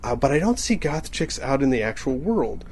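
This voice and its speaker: A man's voice: mid-range voice, very animated, moderate pace, a little mellow, breathy edge. Rambling man joking through a monologue. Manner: rambling, self-interrupting, laughs at own jokes. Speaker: comedian podcaster.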